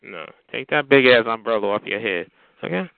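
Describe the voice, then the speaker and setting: A man's voice: on the low side, lively intonation, a little fast, creaky, dry recording. A man taunting callers on a phone chatline with sassy, mocking, foul-mouthed banter, calling them honey and child. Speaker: chatline heckler. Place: on a phone call. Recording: noisy tinny phone line.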